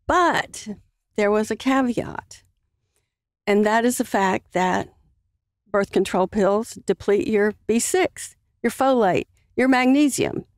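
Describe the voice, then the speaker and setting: A woman guest on a podcast, earnestly telling a personal story in a halting way with many fillers. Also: mid-range voice, no room sound, clean studio sound.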